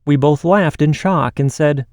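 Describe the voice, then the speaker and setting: A man hosting a podcast and reading listener stories aloud in a steady, measured way. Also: fairly high pitch, no echo, clean studio sound. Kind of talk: scripted podcast narration.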